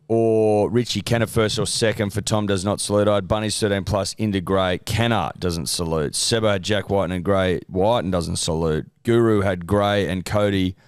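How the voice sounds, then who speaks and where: Aussie guy reading bet results, smooth lowish voice, dry mic. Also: dry recording. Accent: Australian. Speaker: podcast co-host. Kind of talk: reading betting results, casual chat.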